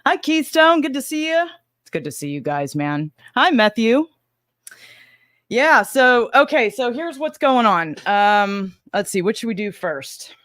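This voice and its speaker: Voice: medium pitch, sing-song, a little slow, fairly bright tone, no room sound, studio quality. A livestream host with a slight Southern US accent, chatting casually and rambling while greeting viewers by name. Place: home in Arizona.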